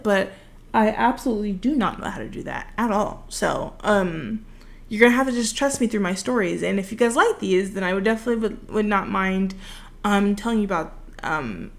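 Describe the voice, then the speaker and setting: A woman's voice: medium pitch, gravelly. A young woman telling a rambling, casual story over her gameplay footage, full of fillers, recorded at home. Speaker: video creator.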